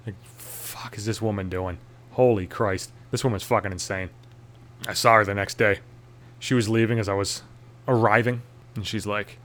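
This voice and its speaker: A man's voice: on the low side, steady tone, normal speed, fairly bright tone. A young man telling a comic story as an exasperated, profanity-heavy rant. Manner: swearing, exasperated.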